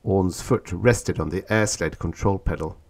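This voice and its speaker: A man reading a science fiction audiobook in a calm, measured voice. His voice sits fairly low and stays even as he tells the story. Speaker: audiobook narrator. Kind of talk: scripted narration.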